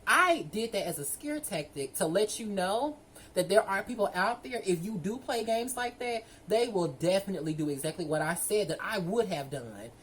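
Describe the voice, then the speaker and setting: A woman, telling a story to her viewers in a sassy, animated way. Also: medium pitch, normal speed, a little hiss or hum, low-quality recording. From Southern United States. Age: 20s. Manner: sassy, animated, addresses listeners as girl and y'all. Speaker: vlogger. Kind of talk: casual storytime monologue.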